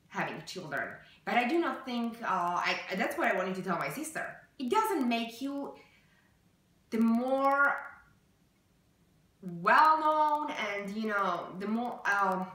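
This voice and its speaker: A woman vlogging to her viewers in an earnest, halting way, emotional, with many fillers and restarts. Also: mid-range voice, a bit bright. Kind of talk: personal vlog talk to camera. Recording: very echoey room, far from mic.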